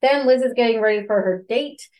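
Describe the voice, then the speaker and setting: A woman co-hosting a podcast, casually recapping a book plot with lots of "like" and quick asides. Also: fairly high pitch, a little mellow. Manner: chatty, peppered with "like". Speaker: podcast co-host.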